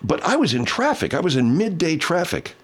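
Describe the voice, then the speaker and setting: A man's voice: a little high, very animated, brisk, breathy edge. A man hosting a casual talk show, telling a rambling, profane story with many restarts. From Southern California. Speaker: show host.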